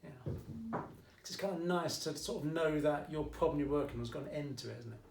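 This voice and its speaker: A man's voice: a little high, fairly quick, creaky, a little mellow, distant mic, slight background noise. A man with an Essex accent teaching maths in a casual, jokey video lesson, often checking in with "okay?". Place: at home during lockdown. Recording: echoey room, mic set back.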